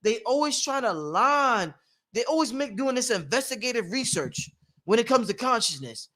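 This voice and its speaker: A livestream host speaks at normal speed in an extremely high pitch during a casual monologue at home. He's animated and preachy, laughing often as he talks.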